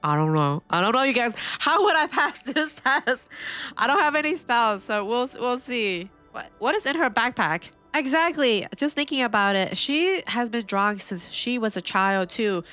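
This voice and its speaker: A woman reacting aloud to an anime episode for her viewers, curious and animated, thinking out loud and teary at times. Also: a little high, normal speed, hardly any pauses, smooth, faint music behind. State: teary, emotional. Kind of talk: live reaction commentary.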